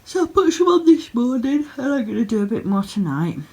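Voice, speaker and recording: A woman's voice: a little high, big pitch swings, a little fast, dark tone. A woman in her thirties chatting casually at home in a vlog, gushing over small pretty things and sounding sleepy. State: sleepy, yawning. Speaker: yarn dyer and vlogger. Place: home, craft room.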